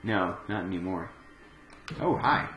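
A man's voice: sits low, expressive, a little slow, fairly bright tone, a little hiss or hum. A man giving casual, crude gameplay commentary, joking and swearing freely as he plays. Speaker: let's play gamer. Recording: roomy echo with faint game music.

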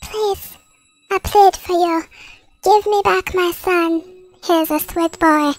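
A woman doing a high, pleading desperate mother. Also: slow, no echo, faint music behind. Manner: pleading, drawn out. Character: desperate mother of a missing boy.

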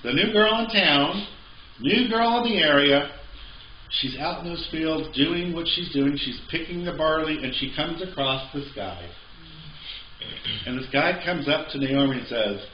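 A man's voice: a little high, measured pace, pauses often, slight background noise. A male pastor preaching a sermon in a conversational way with joking asides, in a church sanctuary. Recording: echoey, slightly dull church recording.

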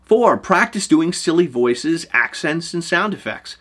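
A man's voice: a little high, animated, a little slow, fairly bright tone. A man hosting a show, giving game master advice in a scripted talk to camera with emphatic delivery.

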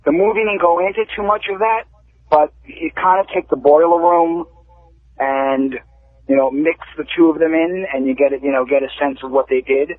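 A male caller on a radio show, explaining things quickly and casually, swearing now and then. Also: fairly high pitch, steady tone, no room sound. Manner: fast, explanatory, swearing freely. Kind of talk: casual phone-in chat. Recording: tinny phone line.

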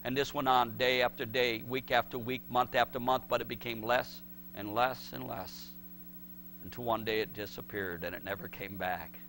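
A middle-aged man preaching a sermon, swinging from shouted pleas to hushed words. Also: medium pitch, steady tone, normal speed, a little hiss or hum. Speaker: pastor.

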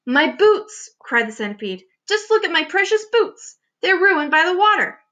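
A woman's voice: medium pitch, brisk, pushed and bright, close to an everyday voice. A woman voicing a frantic, fussy male centipede in a storybook read-aloud. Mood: wailing.

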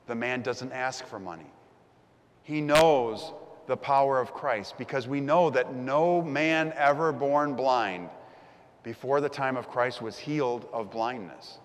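A man's voice: medium pitch, measured pace, big-room sound. A man preaching a sermon as the pastor, telling the story vividly and acting out the crowd's voices.

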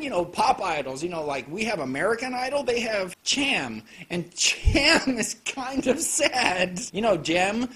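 Lively, profane young-sounding male reviewer. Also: high-pitched, measured pace. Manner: animated, swearing, joking asides. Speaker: anime reviewer. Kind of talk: casual profane video review.

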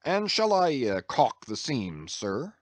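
A man's voice: mid-range voice, huge pitch swings, slow, no echo. A man doing a grumbling old ship's carpenter. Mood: hesitant. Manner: muttering, hesitant, self-important complaining. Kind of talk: audiobook character reading.

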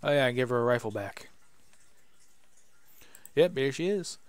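A man's voice: mid-range voice, lively intonation, moderate pace, slight background noise. Playful man narrating his gameplay. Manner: casual, playful, mutters to himself. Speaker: gaming YouTuber. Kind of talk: let's play commentary.

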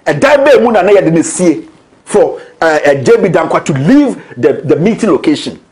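A man's voice: fairly high pitch, big pitch swings, normal speed, a little mellow. A man with a Ghanaian accent, hosting a political commentary show in a combative, accusatory, emphatic way. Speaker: show host.

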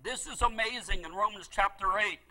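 A middle-aged male pastor delivering a sermon in a very high, sharp, bright voice. He tells his story with great passion, pleading loudly at some moments and dropping to a near hush at others. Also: normal speed, rough recording. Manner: impassioned storytelling preacher, swings from loud pleading to hushed.

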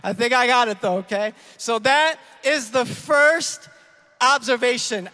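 A man delivers a casual, energetic sermon, throwing himself into voicing the people in his illustration. His voice sits very high and rings bright. The sound carries a long church-hall reverb. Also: a little slow. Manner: energetic, acts out people in an illustration, rambling self-corrections. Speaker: youth leader preaching.

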